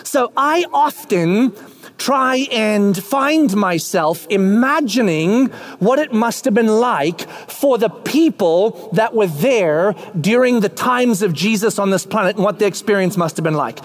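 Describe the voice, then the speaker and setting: Guy preaching, super high voice, bouncy and lively, acts stuff out. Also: unhurried. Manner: animated, acts out scenes with voices. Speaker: pastor. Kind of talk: sermon.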